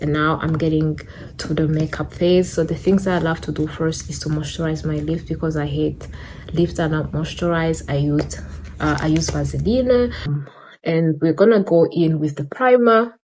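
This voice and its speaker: In a sit-down video at home, a young beauty vlogger with a low, mellow voice chats while applying makeup, rambling with fillers and a little out of breath. A camera in front of her records it, with slight background noise.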